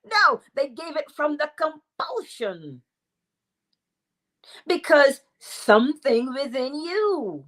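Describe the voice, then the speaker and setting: A woman with a fairly high voice leads a spiritual teaching session. She talks in an animated, lively way, slips into little acted voices when she quotes people, and often breaks into laughter. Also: slow pace. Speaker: host and teacher. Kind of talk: spiritual teaching with audience questions.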